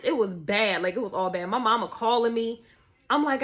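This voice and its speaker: A young woman with a fairly high voice tells a story straight to camera. She talks in a loose, animated way, heavy with slang and swearing. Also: a little fast. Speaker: vlogger.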